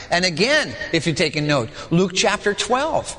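A male pastor preaching a sermon, dramatic and animated, acting out the voices of the people in the story. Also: sits high, normal speed, hardly any pauses, long reverb tail.

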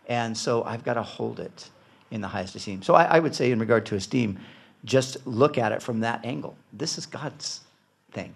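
A man of middle pitch speaks earnestly and reflectively about faith and marriage. He leans on "you know" and restarts his thoughts often. He sounds sincere and unhurried. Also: lively intonation, gravelly, breathy edge. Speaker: Christian husband sharing testimony.

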